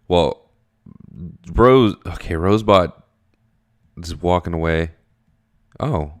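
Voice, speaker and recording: A man with a very low voice reads a webcomic aloud and comments as he goes. He sounds sleepy at this early hour, rambles, and swears freely, and his voice jumps up high whenever something surprises him. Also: slow. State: tired early morning. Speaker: webcomic reader. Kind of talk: casual reading and commentary.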